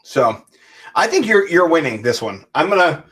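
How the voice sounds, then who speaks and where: A man co-hosting a live stream with a high, bright voice that leaps all over the place. He keeps breaking into giggles and talks casually over the clips he plays. It sounds like a simple desk-mic setup. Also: big pitch swings, moderate pace. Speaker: podcast co-host.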